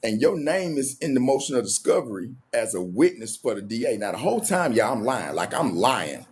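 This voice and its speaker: A man telling a personal story in a casual, animated way, acting out the quoted lines. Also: medium pitch, fairly quick, husky. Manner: animated, acts out every quote in his story.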